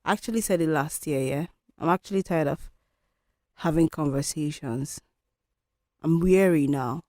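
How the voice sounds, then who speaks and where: A woman's voice: deep voice, moderate pace, dark tone, no echo, studio quality. A woman hosting a solo podcast, talking in a candid, reflective, conversational way. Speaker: podcast host.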